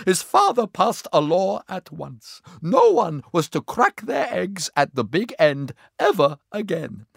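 A man doing a high fretful court secretary. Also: huge pitch swings, a little slow, creaky, hardly any pauses, no room sound, studio quality, exaggerated voice. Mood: worried. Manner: pleading, urgent. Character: anxious fussy male court secretary. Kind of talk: storybook reading.

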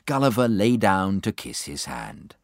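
A man reading a children's storybook aloud with lively expression, acting out the characters. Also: on the low side, measured pace, no echo, studio quality. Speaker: narrator.

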